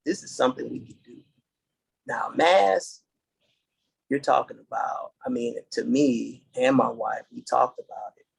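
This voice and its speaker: A middle-aged man from the United States, a podcast guest, telling his story in an earnest, halting way and restarting dates as he goes. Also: mid-range voice, gravelly, slightly rough, low-quality recording. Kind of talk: casual interview storytelling.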